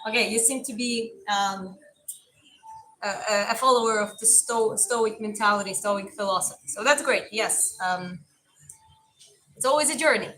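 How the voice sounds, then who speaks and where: Bright-voiced woman chatting on a livestream. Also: medium pitch, normal speed, soft background music, low-quality recording. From Georgia. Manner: chatty, rambling with many restarts. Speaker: livestream host reading chat. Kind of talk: casual livestream chat.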